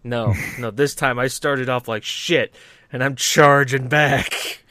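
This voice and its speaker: A man hosting a podcast, chatting casually in an animated, sweary way with frequent restarts. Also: medium pitch, takes it slowly, no echo, clean studio sound. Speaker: podcast host.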